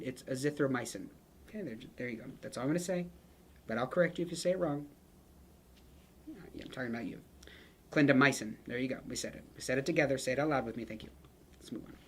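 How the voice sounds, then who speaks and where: Lively, chatty nursing instructor. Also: mid-range voice, breathy edge. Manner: chatty and joking, with playful asides to students. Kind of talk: casual lecture with picture mnemonics.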